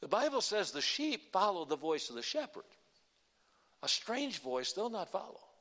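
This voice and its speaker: A man preaching a sermon, quoting scripture and swinging between emphatic outbursts and quiet lines. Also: sits high, very animated, moderate pace.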